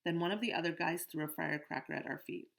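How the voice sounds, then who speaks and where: Low gravelly woman narrating a story. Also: fast. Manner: steady storytelling. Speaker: audiobook narrator. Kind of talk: scripted first-person narration.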